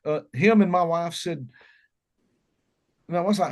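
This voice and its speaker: A man's voice: high voice, big pitch swings, moderate pace. A middle-aged man with a Southern accent, telling folksy, joking stories as an interview guest. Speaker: musician guest. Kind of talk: casual interview chat.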